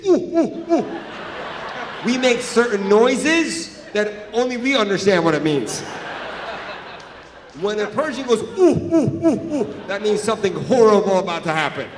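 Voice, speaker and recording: A male comedian tells a story on a live stage with animated, shouted bursts. His voice sits high. The long reverb of a large hall wraps around him, with faint ambient noise underneath. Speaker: stand-up comedian. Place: large venue.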